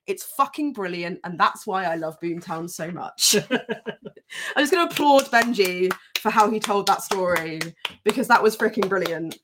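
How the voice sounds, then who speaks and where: A woman's voice: mid-range voice, expressive, moderate pace, fairly bright tone, slight background noise. A woman co-hosting a podcast, reading a listener's story aloud with frequent laughter and casual swearing, then chatting. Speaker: podcast co-host.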